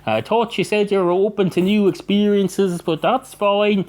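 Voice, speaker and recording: A man's voice: sits high, steady tone, normal speed, darkish tone, pitched above the performer's own voice, close to an everyday voice. Brief: man doing a fussy barman, rambling and over-explaining, comic tale. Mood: persuasive. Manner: long-winded, reasoning aloud. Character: rambling, pedantic male barman.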